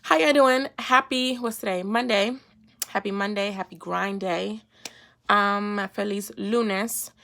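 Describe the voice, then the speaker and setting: A woman hosting her own faith vlog, talking in a lively, playful, slangy way and laughing often as she explains a Bible verse. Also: medium pitch, slow pace, gravelly. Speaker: faith vlogger. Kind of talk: casual devotional talk.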